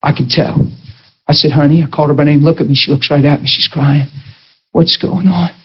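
A man's voice: a little high, steady tone, brisk, husky. A man preaching a sermon testimony, telling a story and acting out the dialogue, with emphatic rising peaks. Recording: dull lo-fi sound.

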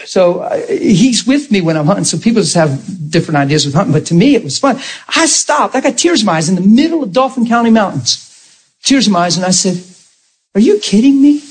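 A man in his forties, a preacher telling lively stories from the pulpit and acting out the dialogue. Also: high voice, breathy edge. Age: 40s. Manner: animated, acts out dialogue with laughter. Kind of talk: storytelling sermon.

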